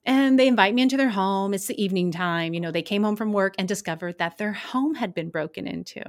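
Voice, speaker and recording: A woman who works as a crime scene investigator, casually telling wry, animated stories from her work. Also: mid-range voice, fast. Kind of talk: casual anecdotal storytelling.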